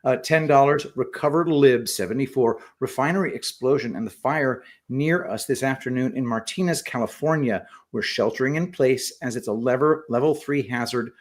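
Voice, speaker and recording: A man co-hosting a casual livestream, reading viewer messages aloud and adding quick remarks. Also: medium pitch. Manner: reads super chats aloud with quick asides. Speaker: co-host reading donor messages.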